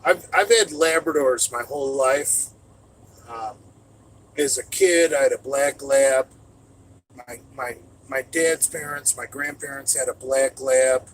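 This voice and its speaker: A middle-aged man, a trucker, in casual storytelling chat, loud and profane and given to sudden shouts, talking from inside his truck cab. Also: mid-range voice, slow, slight background noise, poor audio. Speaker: streamer answering chat.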